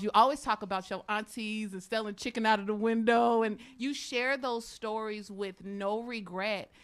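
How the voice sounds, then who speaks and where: A woman author speaking as a guest on a radio show, heartfelt and halting, with many fillers as she holds back tears. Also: medium pitch, a bit bright, smooth. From United States. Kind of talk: emotional radio interview.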